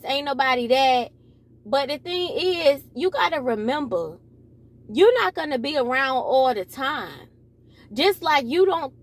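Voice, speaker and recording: A young adult woman, rambling and correcting herself in a preachy commentary monologue. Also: high-pitched. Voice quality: mild speech impediment. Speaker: commentary vlogger.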